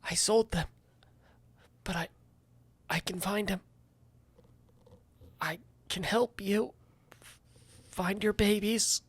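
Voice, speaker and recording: A woman voicing a frightened young male halfling who pleads in a soft, hushed voice in a tabletop game. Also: mid-range voice, slow pace, long pauses, slightly rough, no echo. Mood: pleading.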